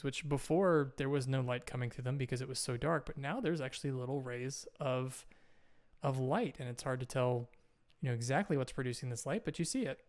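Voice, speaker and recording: A man narrating a tabletop game as game master in an easygoing, descriptive way. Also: mid-range voice.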